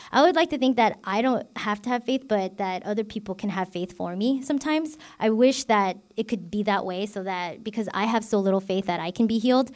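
Her mid-range voice has a darkish tone as she, a woman deacon, offers an informal Bible teaching. She chats freely, shares personal things, and leans heavily on fillers such as "like" and "you know."

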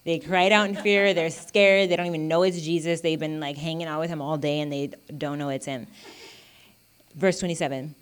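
A woman's voice: sits low, fairly even intonation, normal speed, smooth. Earnest, chatty woman teaching the Bible. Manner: conversational, full of "you know" and "like"; earnest and encouraging.

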